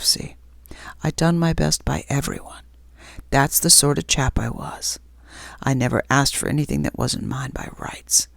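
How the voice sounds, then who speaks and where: A woman's voice: a bass voice, vocal fry, no room sound, exaggerated voice. A woman voicing a coarse, resentful male ghost in whispered role-play, grumbling and self-righteous.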